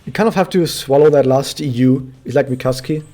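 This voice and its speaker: A man's voice: medium pitch, fairly quick, mellow, faint music behind. A man from Germany, a native German speaker, chatting casually and rambling a bit while he streams a game. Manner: chatty, rambling, self-correcting. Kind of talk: casual live-stream commentary.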